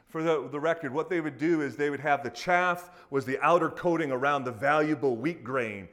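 Guy preaching a sermon, super casual and animated, acts out little quotes. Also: medium pitch, a little fast, few pauses. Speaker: pastor.

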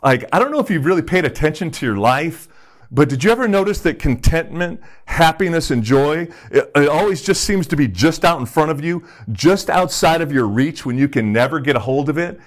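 A man's voice: a little high, animated, brisk. A middle-aged man preaching a sermon as a pastor, in a conversational, self-deprecating way, acting out quotes and using props.

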